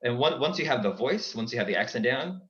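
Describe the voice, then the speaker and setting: A young man chatting casually as a guest in an interview, lively and dropping into character voices. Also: medium pitch, fast. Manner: animated, breaks into character voices. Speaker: guest, impressionist. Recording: dull, echoey recording.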